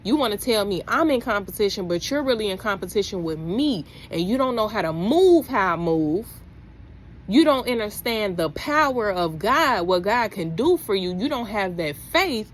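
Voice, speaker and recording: An animated young woman, vlogging straight to camera about faith. She talks like she's preaching to friends, and her voice jumps way up whenever she gets fired up. A faint hiss of noise runs under her voice. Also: medium pitch, normal speed. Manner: animated, preachy, rising to exclaim. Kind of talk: casual vlog, talking to camera.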